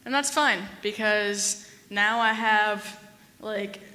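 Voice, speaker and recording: At a live event, a young woman tells a true story in a chatty, animated way, full of fillers and acted-out quotes. Her bright, forward voice is medium-pitched and slow, with long reverb from the hall.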